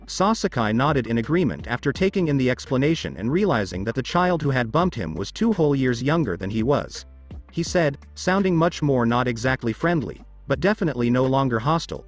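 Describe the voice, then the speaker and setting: A man's voice: medium pitch, big pitch swings, fairly quick, faint music behind. A man reading a story as scripted narration, with small shifts of voice for quoted children.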